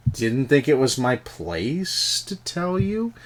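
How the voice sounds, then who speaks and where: A man's voice: mid-range voice, big pitch swings, takes it slowly. A man voicing a curt, evasive woman adventurer in a tabletop game.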